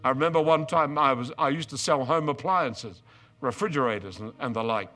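An older man preaching a storytelling sermon, moving from quiet asides to loud, excited outbursts. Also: mid-range voice, fairly quick, faint music behind.

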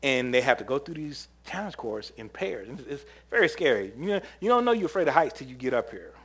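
A man preaching a sermon, telling camp stories in an animated way, often laughing and acting out what people said. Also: medium pitch, fast, breathy edge. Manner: animated storyteller, laughs often, acts out quotes. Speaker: preacher and former camp counselor.

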